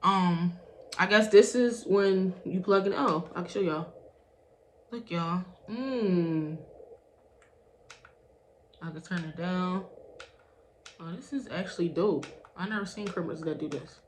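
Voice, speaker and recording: A woman's voice: lowish voice, slow, pauses often. A young woman, chatting casually to viewers as "y'all" while unboxing and reviewing a product. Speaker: beauty vlogger reviewing a product. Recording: echoey room with faint background hiss.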